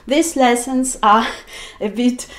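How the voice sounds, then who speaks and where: A woman's voice: a little high, slow, a bit bright. A woman English teacher explaining grammar in a video lesson, acting out example sentences with emphasis.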